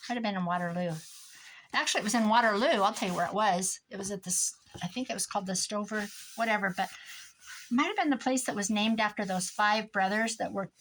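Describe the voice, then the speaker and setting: Older woman, rambling craft chat, middle pitch, faint background hiss. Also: a bit bright, low-quality recording. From Iowa, US. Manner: rambling, chatty, trails off into stories. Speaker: crafting vlogger. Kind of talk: casual chat while crafting.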